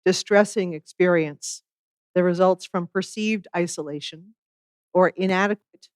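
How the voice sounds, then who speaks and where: Minister preaching, calm and thoughtful, bit of wry humor, mid pitch, dry sound. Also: measured pace, clean tone, no room sound. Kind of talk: sermon.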